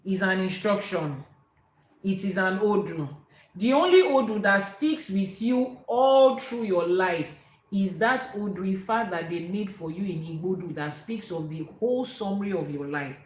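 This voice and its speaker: A woman's voice: mid-range voice, lively intonation, normal speed. A woman, teaching as an Ifa priestess, emphatic and quoting proverbs. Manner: emphatic, repeats key words, quotes proverbs. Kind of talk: spiritual teaching talk. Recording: echoey room.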